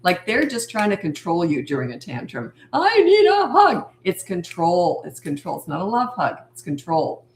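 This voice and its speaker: On a live stream, an older female parenting coach answers questions from viewers in a blunt, firm manner, going over the same points again and again. She has a lowish, expressive voice, talks at a normal speed with hardly any pauses, and the rough recording carries a lot of reverb.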